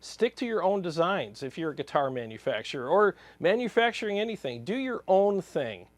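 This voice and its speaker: Brief: fired-up man with a higher voice ranting bluntly in a dry-sounding room. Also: very animated, a little fast, no room sound. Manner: blunt, heated, exasperated. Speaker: guitar channel host. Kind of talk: opinion rant to camera.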